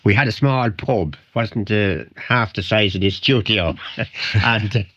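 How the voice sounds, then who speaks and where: A man's voice: on the low side, a little slow, a bit bright, no room sound. An older man with a Wicklow Irish accent, a guest in a radio interview, telling rambling anecdotes and chuckling. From Ireland. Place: radio studio. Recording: dry, dull 1990 radio studio recording.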